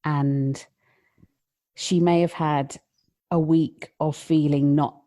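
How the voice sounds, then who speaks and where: A woman with a low, mellow voice speaks as a lactation consultant on a podcast. She talks in a heartfelt, emotional way, at times dropping almost to a whisper. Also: fairly even intonation, takes it slowly. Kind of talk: podcast conversation.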